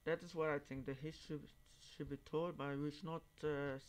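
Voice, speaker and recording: Man, reaction host; halting, word-searching English, turns emphatic. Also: a little high, flat delivery, clear, resonant tone, faint music behind. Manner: halting, searching for words, then emphatic and raised when quoting others. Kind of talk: casual monologue commentary.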